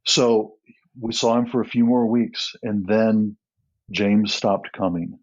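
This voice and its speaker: Earnest husky-voiced man telling a story. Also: lowish voice, steady tone, slow, dull audio. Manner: earnest, with frequent restarts and soft laughs. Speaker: guest, nonprofit co-founder. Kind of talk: storytelling in a podcast interview.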